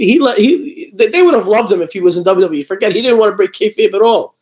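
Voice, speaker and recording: Man, higher-pitched voice, rambling, lots of fillers and restarts, casual interview guest. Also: quick pace, few pauses, poor audio. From New Jersey. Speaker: guest, wrestling promotion owner.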